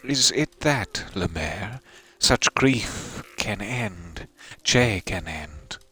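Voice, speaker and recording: A man reading out the lines of a grieving ancient bug widow from a game, slow and wavering. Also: low-pitched, lively intonation, bright, forceful tone, slightly rough, full character voice. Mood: grieving, tender.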